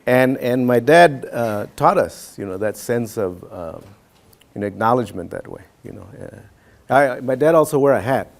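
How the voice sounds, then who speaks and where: A man giving a keynote speech, telling personal stories in a relaxed, chatty way with many fillers. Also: mid-range voice, moderate pace, gravelly. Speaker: keynote speaker.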